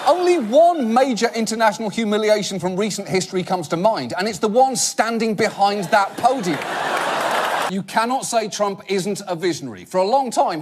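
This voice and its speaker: A man delivering a satirical late-night monologue, animated and mock-outraged, breaking into shouts. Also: sits high. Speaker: host. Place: TV studio stage with audience. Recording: live studio audience laughing, some noise.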